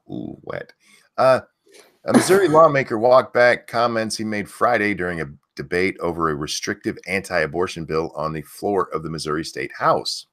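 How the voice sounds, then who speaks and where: A low-voiced man hosts a live-stream news rant. He talks bluntly and sarcastically and swears freely. His voice jumps up loud when something annoys him. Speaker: streamer host reading news.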